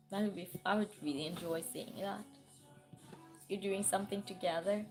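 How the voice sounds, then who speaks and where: A woman hosting a livestream with a cold and a sore throat, hoarse and clearing her throat as she reads viewer messages aloud and chats back. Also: medium pitch, unhurried, a little mellow, soft background music. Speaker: livestream host reading chat. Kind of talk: casual chat.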